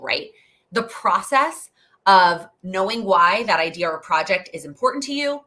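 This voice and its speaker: Chatty woman, bright voice. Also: mid-range voice. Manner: chatty, rambling, laughs often. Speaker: host. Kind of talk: live Q&A stream.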